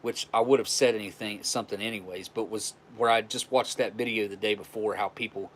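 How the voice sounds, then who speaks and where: A man's voice: lowish voice, fairly even intonation, a little fast. Frank, profane man telling a story. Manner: frank, profane, rambling with restarts. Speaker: livestream host. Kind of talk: casual live-stream storytelling.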